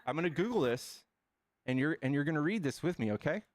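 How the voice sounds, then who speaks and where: Brief: male debate streamer, sarcastic, slightly higher voice, dry close sound. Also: expressive, dry recording. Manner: sarcastic, reads legal text aloud slowly. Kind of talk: heated online debate.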